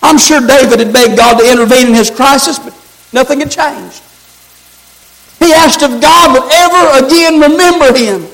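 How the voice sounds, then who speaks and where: A man preaching a sermon, calling out to the congregation and rising into shouts. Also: extremely high pitch, normal speed, rough recording.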